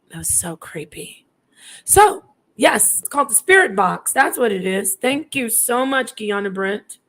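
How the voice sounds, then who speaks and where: With a medium-pitched, fairly bright voice, a woman in her thirties chats through a personal story. She digresses, starts sentences over and imitates what others said.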